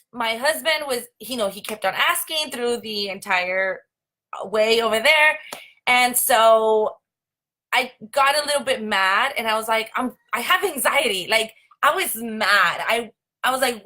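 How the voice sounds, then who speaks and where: A woman's voice: fairly high pitch, pushed and bright. A young woman hosting a casual live stream, chatty and full of "like" and "um". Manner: chatty, many fillers like "like" and "um". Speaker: host.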